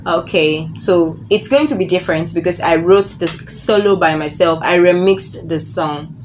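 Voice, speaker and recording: A young woman guest singer talking loudly and excitedly in casual chat. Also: fairly low pitch, normal speed, slight background noise, poor audio. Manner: loud and excitable, laughing.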